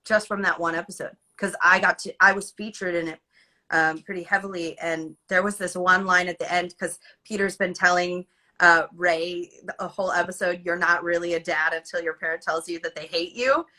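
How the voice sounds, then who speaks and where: A woman in her thirties, a guest on a casual video-call interview, telling animated stories and laughing easily. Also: fairly low pitch, fairly quick. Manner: animated storyteller, laughs easily, acts out quotes. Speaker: guest, former child actor.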